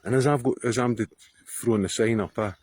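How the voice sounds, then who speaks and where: A man's voice: mid-range voice, fast talker, a little mellow, dry recording. A Scottish man telling a story to camera outdoors on a hillside, rambling, swearing freely and often laughing. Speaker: vlogger.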